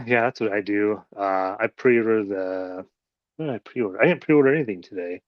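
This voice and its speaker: A man's voice: lowish voice, expressive, moderate pace, dry recording. A man hosting a casual chat, rambling and swearing freely. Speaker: host. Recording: dull lo-fi audio.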